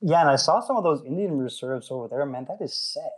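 A man's voice: fairly high pitch, expressive, fast, breathy edge, low-quality recording. A man from Denmark with a Danish accent, chatting casually and telling a rambling story, laughing often and swearing now and then. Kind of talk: casual chat.

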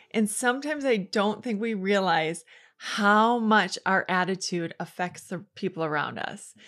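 A woman's voice: medium pitch, fairly bright tone. Chatty woman hosting a faith podcast. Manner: upbeat, chatty, storytelling. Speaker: host of a Christian devotional podcast. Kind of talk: conversational devotional talk.

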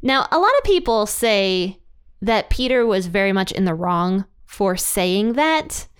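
A woman's voice: mid-range voice, big pitch swings, unhurried, clean tone. A woman hosting a Bible study, explaining scripture in a chatty way with light laughs between points. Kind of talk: casual Bible teaching.

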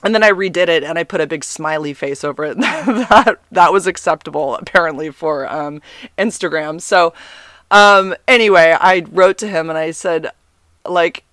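A woman in a casual confessional monologue, candid and profane, rambling with many fillers and swinging between loud exasperated bursts and low asides. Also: animated, moderate pace, no echo.

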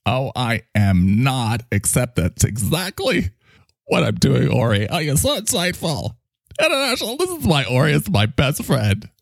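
A man's voice: mid-range voice, big pitch swings, moderate pace, vocal fry, no room sound, studio quality, voice pushed up. A man voicing Mike, a needy, jealous talking microphone with a whiny, clingy, sarcastic manner. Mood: gushing.

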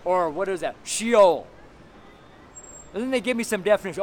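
A tired man preaching loudly and bluntly on a city street, speaking to passers-by. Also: high-pitched, expressive, moderate pace. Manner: loud, blunt and fervent, talking to passers-by. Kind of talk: outdoor street sermon. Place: city street with walls around. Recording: faint city street noise. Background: traffic and street noise.

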